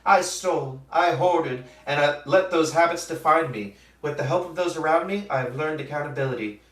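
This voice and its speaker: A man's voice: a little high, moderate pace, voice pushed up, lightly acted. A man voicing a reformed male cartoon burger thief who gives an earnest, formal public statement, recorded with some distance from the mic. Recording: roomy, from a distance.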